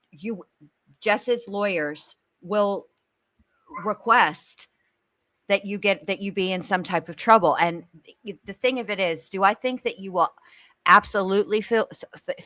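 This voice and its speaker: A woman's voice: mid-range voice, sharp tone, no echo. A woman co-hosting a casual commentary chat, pleading earnestly and reading aloud with blunt asides. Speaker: co-host.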